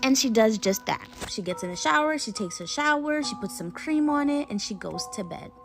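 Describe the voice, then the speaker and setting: A young woman casually retelling a creepy story in a chatty, slangy way, with dramatic pauses. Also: a little high, expressive, gravelly, music in the background.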